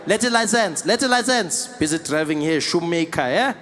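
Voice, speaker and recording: A comedian voicing a gruff, haggling male traffic policeman with a South African accent, clipped and blunt. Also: fairly high pitch, animated, moderate pace, a bit bright. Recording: echoey theater with reverb.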